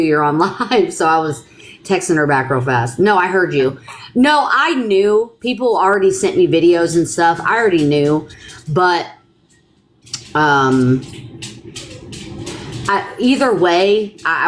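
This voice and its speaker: A woman hosting a live stream, talking loudly and bluntly and swearing often in casual chat. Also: sits low, slight background noise.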